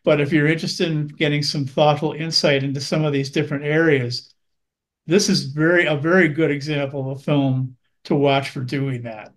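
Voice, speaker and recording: A man reviewing films in a measured, earnest way, with many small ums and uhs. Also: a little high, fairly even intonation. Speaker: film critic. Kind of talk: film review chat.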